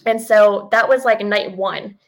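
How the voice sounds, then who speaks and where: A woman's voice: mid-range voice, fairly even intonation, a little slow, poor audio. A woman telling a personal story as a guest, speaking candidly with plenty of swearing and filler words. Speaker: podcast guest. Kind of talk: casual storytelling.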